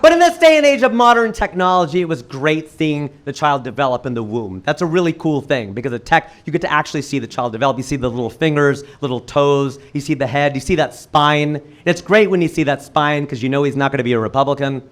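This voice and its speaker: A man performing a stand-up comedy set on stage, telling stories with sudden jumps in pitch and loudness. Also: fast, few pauses, a little hiss or hum. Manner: animated storytelling with sudden jumps in pitch and volume. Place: comedy club stage with live audience.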